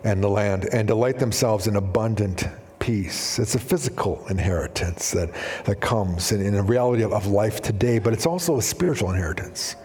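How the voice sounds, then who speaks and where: A man preaching a sermon in a casual, animated way, often acting out quotes. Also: mid-range voice, slight background noise. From Canada. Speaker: pastor. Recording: reverberant hall.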